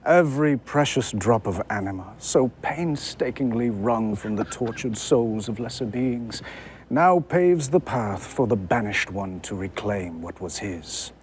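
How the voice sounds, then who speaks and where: A man voicing an arrogant, sinister vampire lord, speaking slowly and theatrically. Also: fairly low pitch, lively intonation, darkish tone, a little hiss or hum, pitched below the performer's own voice. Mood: menacing. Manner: slow, menacing, theatrical.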